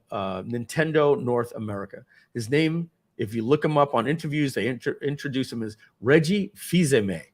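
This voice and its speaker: A man in his forties telling a casual story from his working life, acting out the voices of the people in it. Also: medium pitch. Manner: animated storytelling, acts out quoted voices. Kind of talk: casual anecdote.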